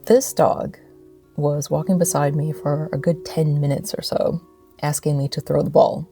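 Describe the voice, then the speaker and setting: Low, gravelly American woman vlogger. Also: level tone, normal speed, mellow, faint music behind. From United States. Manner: playful, self-mocking. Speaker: vlogger host. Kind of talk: casual vlog narration. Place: outdoors by the sea.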